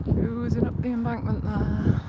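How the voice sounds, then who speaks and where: A young woman from Leicestershire with a softened Leicestershire accent, chatting on a live stream while walking a cycle path, enunciating carefully and giggling. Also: on the high side, little pitch movement, a little slow, highs cut off. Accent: Leicestershire English, toned down. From Leicestershire, England. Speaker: livestreamer. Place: outdoors on a riverside cycle path. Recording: loud outdoor noise, wind and traffic.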